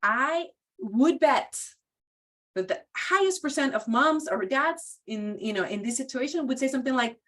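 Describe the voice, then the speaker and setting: A woman's voice: high-pitched, lively intonation, moderate pace, fairly bright tone. A woman giving a conversational training talk, casual and full of "like" and "you know.". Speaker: presenter at a professional training.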